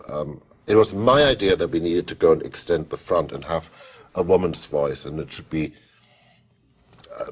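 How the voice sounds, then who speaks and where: A man's voice: deep voice, slightly rough. A man being interviewed about his work as a film composer, telling stories in a loose, rambling way with lots of fillers and restarts. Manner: animated anecdote telling. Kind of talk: casual storytelling interview.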